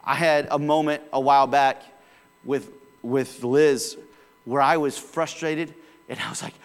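A man's voice: medium pitch, fairly even intonation, measured pace, smooth, long reverb tail. A male pastor preaching a sermon in a casual, conversational way, with sudden bursts of volume.

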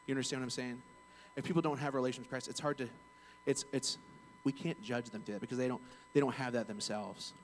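A bank customer service rep with an earnest, mid-pitched voice tells a personal story from his job. He rambles casually, often restarting sentences, speaking quickly with hardly any pauses. The recording is rough, with a faint hum behind him.

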